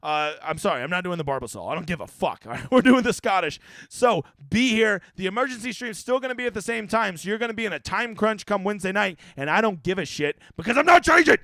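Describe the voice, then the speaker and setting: A man's voice: high voice, fast talker, fairly bright tone, no room sound, studio quality. A man hosting a live stream on fantasy golf, joking and swearing as he reads viewer questions. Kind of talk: casual live-stream chat.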